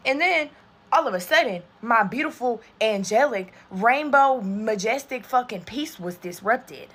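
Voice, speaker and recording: A young woman in her twenties telling a storytime while getting ready, animated and swearing constantly. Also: on the high side, a little slow. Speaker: TikTok storyteller. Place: bedroom.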